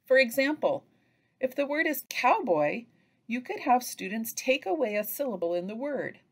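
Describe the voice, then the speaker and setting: A woman giving an instructional training narration for early reading teachers, pausing to chant example phrases. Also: on the high side. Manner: slow, lively delivery with chanted example phrases.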